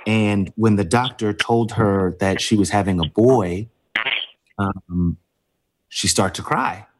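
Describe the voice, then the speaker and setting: A man being interviewed, telling a personal story with many pauses and fillers as he fights back tears. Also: lowish voice, slight background noise. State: emotional, close to tears. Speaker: interview guest.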